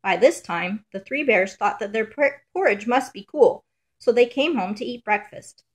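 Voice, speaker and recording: A woman reading a children's fairy tale aloud in a measured, rhythmic storybook manner. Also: fairly high pitch, lively intonation.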